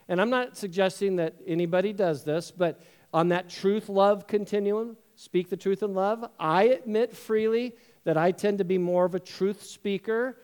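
A high-voiced man preaching to a congregation. He keeps it conversational and joking, and slips into little character voices when he tells a story. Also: darkish tone, clean tone. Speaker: pastor. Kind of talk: sermon.

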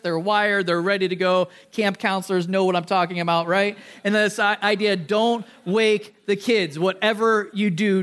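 A man's voice: high-pitched, fairly bright tone. Pastor guy in his 30s, talky sermon, keeps asking the crowd stuff, laughs at himself. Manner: conversational, asks the audience questions, self-deprecating; self-corrects with restarts.

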